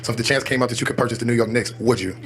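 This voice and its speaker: A man's voice: mid-range voice, rapid-fire, faint music behind. A man from the audience asking a question in a casual, offhand way.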